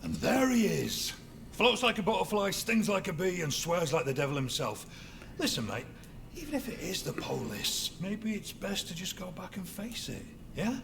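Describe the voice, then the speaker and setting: A jovial, preachy rig worker. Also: male voice, high-pitched, very animated, normal speed, vocal fry, music in the background, heavily acted. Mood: teasing. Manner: jokey, warm-hearted teasing. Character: cheerful pious older rig worker, joking and fatherly. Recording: game audio with background noise.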